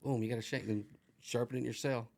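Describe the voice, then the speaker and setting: A man's voice: mid-range voice, fairly even intonation, quick pace, vocal fry, darkish tone. A middle-aged man, a retired corrections officer, telling rambling, profane stories as an interview guest. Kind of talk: casual storytelling.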